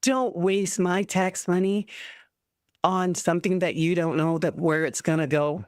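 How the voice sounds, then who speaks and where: A woman in her fifties, a longtime special education teacher, speaking with frustration and halting "um"s during public comment at a school board meeting. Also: lowish voice, no echo, clean studio sound. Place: public meeting room at a podium.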